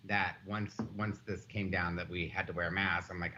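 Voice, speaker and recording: A man co-hosting a livestream who tells an anecdote with dry, deadpan asides. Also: low-pitched, fairly quick. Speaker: co-host. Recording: lo-fi with faint hiss.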